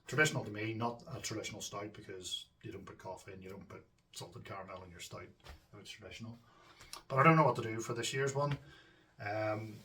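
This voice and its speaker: A low-voiced Northern Irish man rambles easily to his viewers, trailing off into ums and side comments. He sits a little back from the microphone, so his voice sounds distant. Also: a little fast, sharp tone. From Northern Ireland. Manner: rambling and chatty, with frequent ums and asides to viewers. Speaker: homebrewing channel host. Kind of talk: casual chat to camera.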